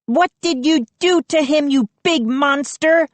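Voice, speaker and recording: A bossy young girl, shrill and scolding, her voice jumping high when she protests, as a woman reader puts her on. She is a fed-up storybook kid. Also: animated, takes it slowly, dry recording. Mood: shrieking.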